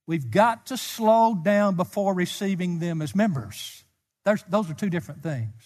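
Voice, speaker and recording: A man preaching a sermon as a pastor, speaking with passion and sometimes rising to near-shouts. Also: high voice, big pitch swings, normal speed. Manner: impassioned, rises to near-shouts. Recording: long hall reverb.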